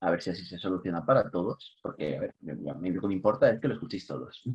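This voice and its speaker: A man runs an online English lesson over a video call, his low voice coming through dull, lo-fi computer audio. He stays chatty and upbeat, chuckling easily and leaning hard on the key words. His voice sounds a little husky. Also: animated, very fast, a little mellow. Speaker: English teacher. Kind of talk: online class teaching. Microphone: computer mic on a video call.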